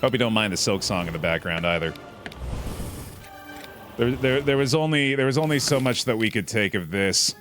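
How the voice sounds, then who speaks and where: A young man chats through a card game on stream, his voice lively and bouncing around in pitch. He sounds relaxed and upbeat, cheering good hands. Faint game music runs behind him. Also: normal speed, long pauses. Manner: laid-back, chatty, calls chat dude and bud. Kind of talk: casual gameplay commentary.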